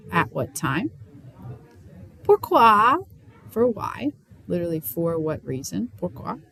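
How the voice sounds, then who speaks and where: A woman with a slightly low voice teaches a lesson on French question words. She is upbeat and playful, and a faint hiss of background noise sits under her voice. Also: sharp tone, rough recording.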